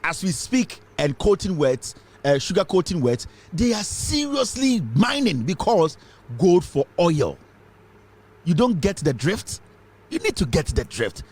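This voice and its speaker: Fiery Ghanaian man with a higher voice. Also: big pitch swings, measured pace, darkish tone, slightly rough. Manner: fiery, rhetorical questions, mixes English and Twi. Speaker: political commentator. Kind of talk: impassioned political commentary.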